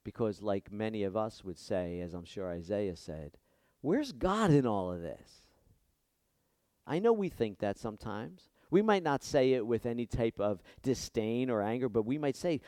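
A man preaching a sermon, impassioned, dropping soft and then rising loud and high when he voices prayers. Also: animated, normal speed, dry recording.

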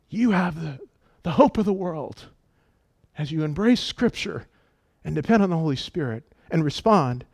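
A man's voice: on the high side, vocal fry, darkish tone, dry recording, studio quality. A man preaching a sermon with emphatic delivery, acting out quoted voices as he teaches. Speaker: pastor.

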